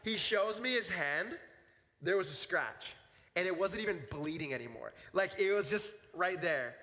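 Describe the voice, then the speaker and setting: Bright-voiced pastor preaching in a hall. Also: male voice, high-pitched, animated, measured pace. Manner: casual, storytelling, acts out voices in quotes. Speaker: young adults pastor. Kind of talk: sermon with personal stories. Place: church hall. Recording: long hall reverb.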